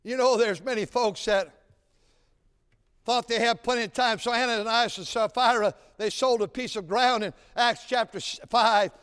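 A man preaching a sermon, telling folksy stories and building to shouted exhortation. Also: very high-pitched, moderate pace, clear, resonant tone. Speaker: pastor. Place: large church sanctuary. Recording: church sanctuary with long reverb.

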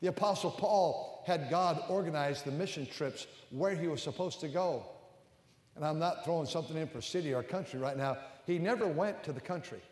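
An older man preaching a sermon as a pastor. He climbs to loud, emphatic peaks and then drops low and close. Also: fairly quick. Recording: echoey hall with long reverb.

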